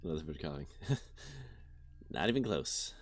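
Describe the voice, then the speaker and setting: A man's voice: very deep voice, sing-song, normal speed. A man streaming a let's play of a visual novel, reading the text aloud and stopping to joke about it. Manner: reads narration, then breaks off to laugh and joke. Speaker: game streamer.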